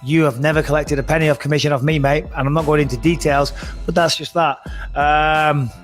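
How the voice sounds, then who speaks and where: A man's voice: a little high, steady tone, brisk, soft background music. A man hosting a casual podcast chat, talking bluntly and emphatically and swearing freely. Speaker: podcast host.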